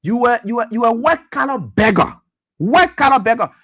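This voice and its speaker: A man's voice: very high-pitched, lively intonation, moderate pace, a bit bright, slightly rough. A man hosting a radio talk show, delivering impassioned, accusatory political commentary with repeated pointed questions. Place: radio studio.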